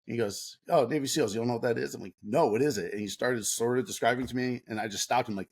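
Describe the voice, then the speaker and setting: A middle-aged man telling an animated story as a podcast guest, laughing often and acting out what others said. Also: mid-range voice, quick pace, husky. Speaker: podcast guest, former Navy SEAL. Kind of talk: casual storytelling.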